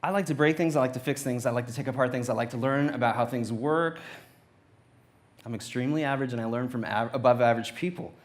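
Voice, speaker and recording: On a church auditorium stage, a young adult man shares a humorous personal testimony with the congregation, speaking at a medium pitch and a quick pace. He keeps it playful and anecdotal, acting out the quotes as he goes.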